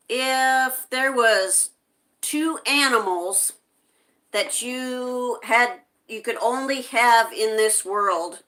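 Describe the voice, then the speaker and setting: A woman hosting a casual livestream, reading viewer comments aloud and answering them gently, with frequent hesitations. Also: on the high side. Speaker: livestream host.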